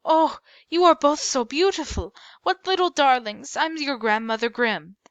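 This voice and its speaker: A woman's voice: a little high, animated, normal speed, pushed and bright, dry recording, lo-fi sound, pitched above the performer's own voice. A woman voicing an effusive, affectionate old grandmother with a German accent in a storybook reading. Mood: gushing. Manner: effusive, exclaiming.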